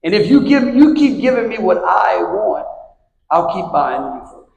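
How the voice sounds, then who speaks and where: A boastful rich car buyer, played by a man with a Louisiana accent brags in a quick drawl, a bit lower than the teller's usual voice. The sound carries a long hall reverb. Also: very animated, gravelly, a little mellow, lo-fi sound, a little hiss or hum, heavily acted. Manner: bragging, drawled.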